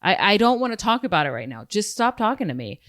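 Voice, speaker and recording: A woman's voice: medium pitch, sing-song, fast, fairly bright tone, dry recording, studio quality. A woman, a guest comedian, telling stories on a casual podcast, acting out quotes and swearing freely.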